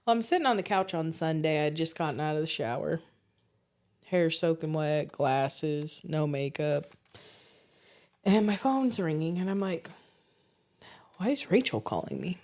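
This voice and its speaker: Animated storytelling woman, laughing often. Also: sits low, normal speed. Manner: animated, laughing while telling stories; swears casually. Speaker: podcast co-host. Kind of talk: casual storytelling chat.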